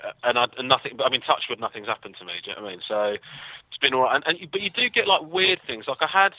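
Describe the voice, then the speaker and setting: A man's voice: medium pitch, racing, dry recording. An English man, a comedian guest, telling rambling self-deprecating stories with lots of fillers in a casual interview. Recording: tinny phone-like line, dry.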